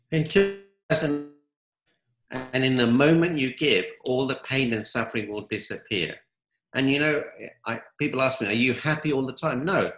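A man's voice: medium pitch, a bit bright, roomy sound, rough recording. A man giving upbeat motivational answers in an interview, telling stories. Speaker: guest, coach.

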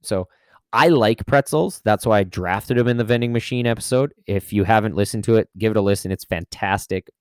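A man's voice: lowish voice, fairly quick, smooth, dry recording, studio quality. Rambling, teasing man on a podcast. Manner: rambling, restarts and playful teasing. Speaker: podcast co-host. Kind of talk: casual chat.

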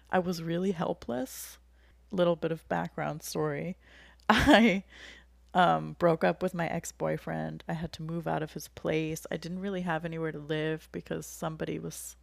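A young woman talks openly about her own life in a relaxed chat. Her voice sits low and has a heavy gravelly fry. The recording is dry and close. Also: a little slow, dry recording. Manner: candid, emotional, laughs while telling. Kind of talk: casual personal storytelling.

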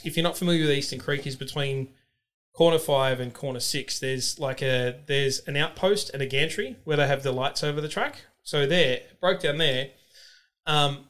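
A man telling excited stories in casual chat, swearing freely and using lots of fillers. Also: on the high side. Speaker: podcast guest.

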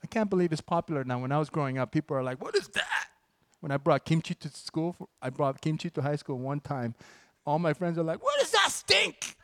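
A man preaching a sermon as pastor, moving between relaxed, joking asides to the congregation and emphatic, building declarations. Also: on the high side, quick pace, few pauses, dry recording, studio quality. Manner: conversational and joking, with sudden emphatic bursts.

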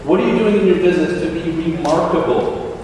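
A man's voice: a little high, a little fast, darkish tone. Jokey man speaking in an echoey hall. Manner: jokey and self-deprecating, building to punchlines. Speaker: motivational speaker. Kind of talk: humorous keynote talk. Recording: echoey hall from far off with room noise.

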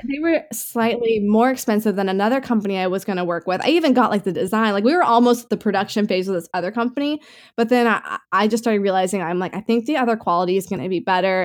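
A woman co-hosting a podcast in casual, easygoing chat. She rambles in an upbeat way and leans on fillers as she talks. Her pitch sits in an ordinary middle range. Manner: chatty, filler-heavy, upbeat. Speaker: podcast co-host.

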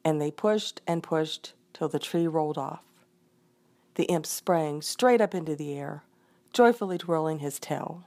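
A woman reading a folk tale aloud in an expressive storytelling manner. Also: low voice, a little slow. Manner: expressive, voices the characters.

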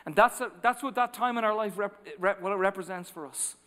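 A man preaching from the pulpit, his voice sitting a little high for a man. He tells stories and acts out the quotes, rising loud and then falling to near hushes. Long church reverb hangs behind every line. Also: fairly quick, clean tone. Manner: animated storytelling, acting out quotes, swings from loud to hushed. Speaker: pastor. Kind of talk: sermon. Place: large church sanctuary. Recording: long reverb of a large hall.

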